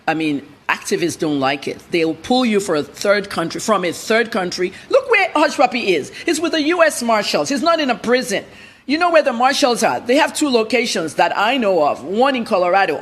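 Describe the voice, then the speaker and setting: A woman's voice: on the high side, husky. A middle-aged woman journalist answering interview questions bluntly and emphatically, jumping from point to point. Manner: blunt, emphatic, jumps between topics.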